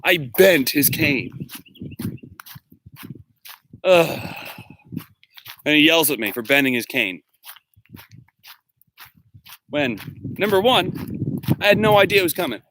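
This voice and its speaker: A man's voice: slow pace, long pauses, slight background noise. A man, a teacher, telling an indignant story in a casual vlog while walking outdoors. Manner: animated, indignant storytelling with big pitch jumps. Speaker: school teacher and vlogger.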